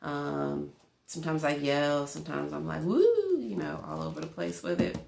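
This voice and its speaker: A woman's voice: deep voice, flat delivery, moderate pace, vocal fry, roomy sound, noisy background. A woman host giving a casual tarot reading to a camera at home, rambling and chatty with lots of fillers. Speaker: tarot reader. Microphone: camera in front of her.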